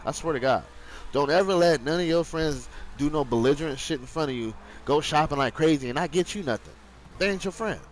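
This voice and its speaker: A man's voice: on the high side, a little fast, slight background noise, low-quality recording. A young man streaming live, telling a rambling story in casual, profane slang.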